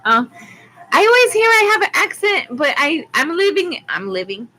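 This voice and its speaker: Chatty woman with a bright voice. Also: extremely high pitch, very animated, normal speed, a little hiss or hum, rough recording. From Arizona, USA. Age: adult with school-age kids. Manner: chatty and rambling, frequent ums. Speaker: tarot reader. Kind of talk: live-stream tarot reading.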